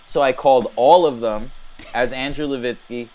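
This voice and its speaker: Male podcast co-host, quick and profane storyteller, loose and animated. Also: medium pitch. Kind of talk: casual storytelling.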